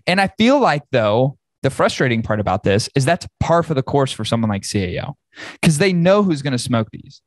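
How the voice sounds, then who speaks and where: A man's voice: medium pitch, very animated, brisk, no echo. A man hosting a podcast, ranting angrily and swearing heavily. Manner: profane, angry ranting. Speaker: podcast host. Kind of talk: casual podcast rant.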